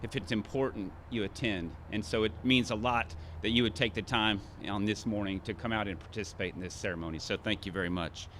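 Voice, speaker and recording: A man's voice: lowish voice, steady tone, fairly quick, few pauses, a bit bright, a little hiss or hum. A man in his fifties from Arkansas giving a speech at an outdoor ceremony, sometimes calling out drill commands. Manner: commanding drill calls at moments. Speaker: ceremony speaker.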